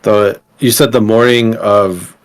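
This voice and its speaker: A man's voice: fairly low pitch, fairly even intonation, a little slow. A man playing in a tabletop game, chatting casually and asking careful questions. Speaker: player. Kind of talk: tabletop role-play.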